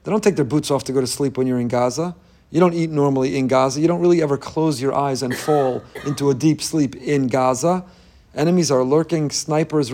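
A man leading his daily inspirational talk as a rabbi, speaking with fervent emphasis. His voice sits a little above the usual male pitch, and he drives points home by repeating them. He sprinkles Hebrew and Yiddish terms into his English. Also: darkish tone. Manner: emphatic, repeats phrases for stress.

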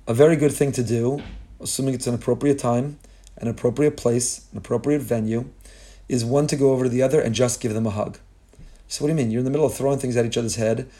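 A man delivering a heartfelt sermon-style Torah lesson. His voice is mellow and warm, and it sits at an everyday middle pitch. He stacks phrase after phrase in rhetorical lists and slips in Hebrew phrases. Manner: impassioned, repetitive rhetorical lists. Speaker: Torah teacher.

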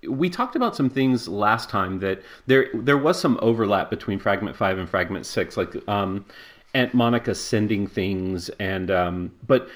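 A man's voice: on the low side, lively intonation, measured pace. A man hosting a casual podcast over a video call, rambling with many fillers and frequent laughs. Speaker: podcast host. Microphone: personal microphone on a video call.

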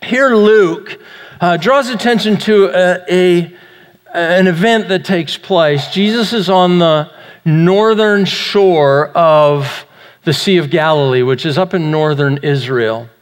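High-voiced man preaching in a reverberant hall. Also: slow pace, clean tone. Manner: animated storyteller, acts out sound effects; self-mocking humor. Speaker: pastor. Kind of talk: sermon with personal storytelling. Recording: long reverb of a large hall.

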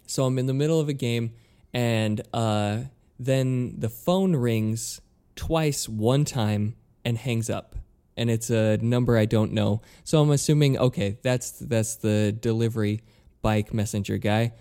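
Exasperated man telling a story, mellow voice. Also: medium pitch, a little slow, clear, resonant tone. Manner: animated, exasperated, swears a lot, acts out both sides of calls. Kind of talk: casual storytelling chat.

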